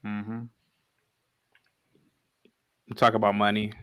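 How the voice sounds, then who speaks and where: A man's voice: fairly low pitch, monotone, slow pace, fairly bright tone. A man on a live online panel arguing combatively, repeating "sir" as he cuts in. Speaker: guest panelist, YouTuber. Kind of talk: heated live panel argument.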